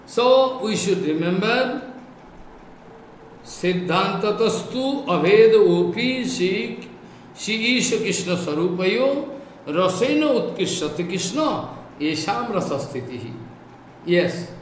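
Indian-accented male teacher, emphatic and repetitive, echoey room with faint noise. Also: high-pitched. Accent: Indian English. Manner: repetitive, emphatic, recites Sanskrit verses. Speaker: spiritual teacher. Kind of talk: devotional scripture lecture.

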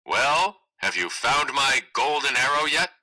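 Brat noble, young man, demanding and whiny, read aloud by a man in a storybook play, bright and forceful. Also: sits low, very animated, takes it slowly, breathy edge, full character voice, low-quality recording. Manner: bossy, whining, shouts in bursts. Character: spoiled bratty young nobleman, loud and demanding.

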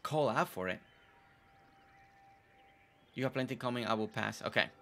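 A man's voice: medium pitch, animated, moderate pace, bright, forceful tone. A man whose first language is not English, chatting casually over his gameplay. He repeats himself and stumbles over tricky names. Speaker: gameplay video host.

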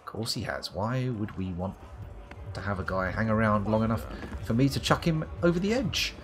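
Animated southern English man commentating a game. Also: lowish voice, normal speed, faint music behind. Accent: southern English, near London. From England. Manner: sardonic, swearing, muttering to himself. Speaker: streamer. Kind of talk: live gameplay commentary.

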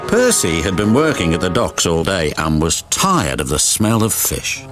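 A British man narrating a children's story in an expressive storytelling way. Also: low-pitched, normal speed. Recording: narration over music.

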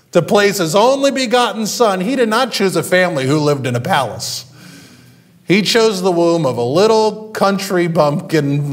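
A male pastor preaching a sermon in a conversational way, with frequent fillers and restarts. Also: high voice.

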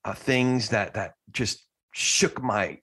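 A man's voice: lowish voice, slow pace, fairly bright tone, husky. Hesitant, thoughtful male podcast host. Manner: thoughtful, hesitant restarts, laughs easily. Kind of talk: podcast interview conversation.

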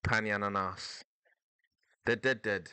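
Slow-talking man streaming gameplay. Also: on the low side, clear, resonant tone. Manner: animated, playful, sudden loud outbursts; thinks aloud, repeats phrases. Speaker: streamer playing a video game. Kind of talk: live gameplay commentary.

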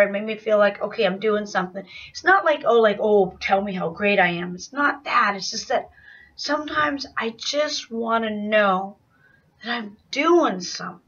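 A woman's voice: on the high side, fairly bright tone. Woman talking openly to her camera, confessional, a bit far off from the mic. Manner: rambling, candid and confessional. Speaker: vlogger. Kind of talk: casual video diary. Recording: dull, slightly distant sound.

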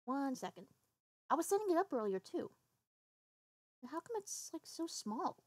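A woman's voice: sits high, sing-song, normal speed, a little mellow, no room sound. A woman streamer chatting casually with her viewers while setting up and playing a game, swearing offhandedly. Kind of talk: casual livestream chat while gaming.

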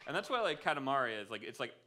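A man's voice: mid-range voice, very animated, very fast, pushed and bright, a little hiss or hum. A man from the Pittsburgh area, a game developer guest, chatting and joking at a live podcast show before an audience. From Pittsburgh area, USA. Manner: joking, rambling, laughs often. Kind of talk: live podcast chat on stage. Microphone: stage mic before live audience.

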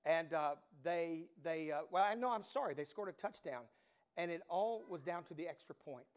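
A middle-aged man preaching a sermon as pastor, animated storytelling that swings from hushed to loud. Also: fairly high pitch, moderate pace, smooth.

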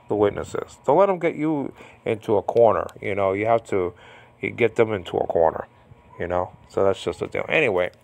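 A man's voice: lowish voice, vocal fry. A man giving a casual, unscripted Bible Greek lesson, rambling with frequent restarts and a combative tone.

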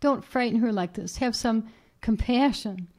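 A woman voicing a frightened young mother who pleads with intruders while straining to sound calm, in a literary reading. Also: fairly high pitch, unhurried, lightly acted. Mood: pleading.

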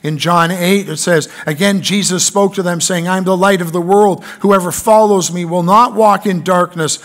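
High-voiced man preaching a sermon. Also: steady tone, normal speed, hardly any pauses, soft background music. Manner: reads scripture aloud, then preaches with rising emphasis. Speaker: pastor. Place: church.

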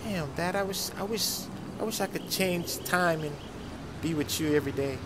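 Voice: medium pitch, normal speed, noisy background, natural voice. Someone voicing a reckless teenage son. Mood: sad.

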